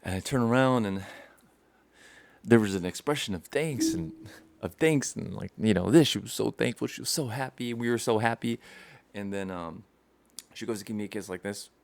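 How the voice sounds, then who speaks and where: A man's voice: fairly low pitch, normal speed, gravelly. A young man casually telling a rambling childhood story to camera, acting out scenes and laughing often. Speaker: vlogger.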